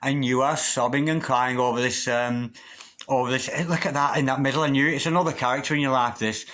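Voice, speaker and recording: A man's voice: medium pitch, steady tone, fairly quick, fairly bright tone. A man talking through a tarot card reading in a chatty way, stopping now and then to call on spirit guides. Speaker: tarot reader.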